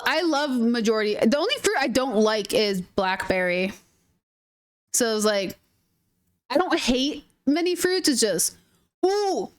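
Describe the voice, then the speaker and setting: Bubbly high-voiced Minnesotan young woman. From northern Minnesota. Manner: bubbly, chatty, giggly. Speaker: streamer. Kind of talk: casual gaming stream chat.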